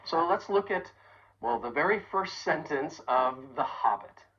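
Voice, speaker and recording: A woman with a remarkably deep, low voice leads a pronunciation lesson. She speaks clearly and deliberately, leaning on each sound so learners can copy it. The recording sounds a little dull and muffled. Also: lively intonation, a bit bright. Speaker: accent coach.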